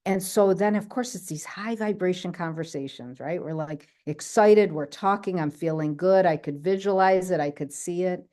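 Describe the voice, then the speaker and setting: Speaking at a normal speed with hardly any pauses, a woman with a warm, lowish voice tells her personal healing story. It's casual video-call talk, and she keeps tossing in "right?" to check in.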